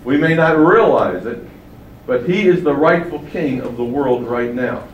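A man preaching a sermon, emphatic and fond of rhetorical questions, his loudness swinging widely from phrase to phrase. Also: medium pitch, lively intonation, unhurried, highs cut off, slight background noise. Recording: echoey room from far off, faint ambience.

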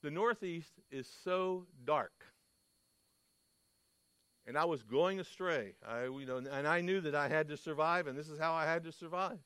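Emphatic preacher man, higher voice. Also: measured pace, fairly bright tone, clean tone, no echo. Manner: emphatic, storytelling, asks the audience questions. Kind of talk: sermon.

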